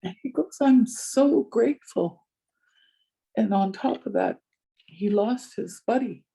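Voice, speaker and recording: An older woman speaking as a community elder, recounting a story and acting out both sides of each conversation. Her voice is very mellow and dark, with a husky edge. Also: mid-range voice, moderate pace. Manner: animated retelling with many quoted exchanges. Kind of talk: storytelling talk.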